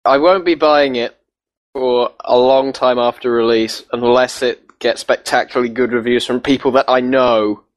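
A man's voice: mid-range voice, steady tone. A man co-hosting a casual gaming podcast, giving careful, hedged opinions. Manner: measured, hedging opinions. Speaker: podcast co-host.

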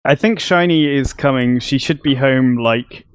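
A man chats on a podcast with quick, self-mocking humour. His voice sits at a middling pitch over a faint hiss in the background. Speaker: podcast co-host. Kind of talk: casual group chat on a call.

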